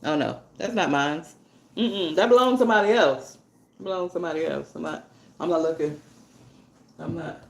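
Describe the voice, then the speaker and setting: A woman hosting a podcast, telling stories in a loose, slangy, laughing way that swings between loud and quiet. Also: deep voice, fairly quick, creaky, pauses often. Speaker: podcast host. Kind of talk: casual storytelling monologue. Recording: echoey room with faint ambience.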